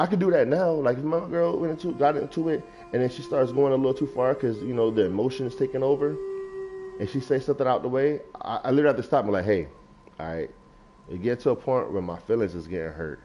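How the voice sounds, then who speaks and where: A man's voice: mid-range voice, mellow, a little hiss or hum. A young adult man, a gaming streamer, riffing casually and preachily about feelings while reading chat aloud. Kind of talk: casual livestream talk. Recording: lo-fi stream mic.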